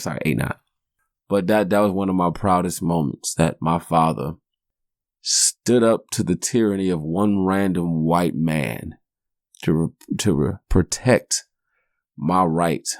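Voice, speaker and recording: A man in his forties hosts a podcast, his low voice showing vocal fry as he tells meandering, foul-mouthed, humorous stories. It's a casual monologue recorded dry at studio quality.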